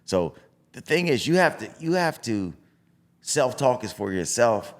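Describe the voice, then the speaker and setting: A man's voice: medium pitch, unhurried. A middle-aged man, a boxing coach, talking bluntly and animatedly in a casual podcast conversation. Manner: blunt, animated, acts out voices of self-talk.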